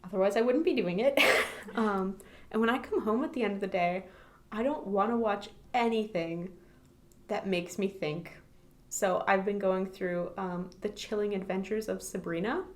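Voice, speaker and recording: A woman's voice: mid-range voice, normal speed. A woman co-hosting a podcast, talking casually about a book and laughing often. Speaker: podcast co-host.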